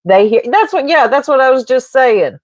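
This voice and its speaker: A woman's voice: sits high, sing-song, normal speed, dry recording. A woman livestreamer chatting casually into her mic, gossiping, rambling and laughing often as she answers chat. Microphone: streaming mic.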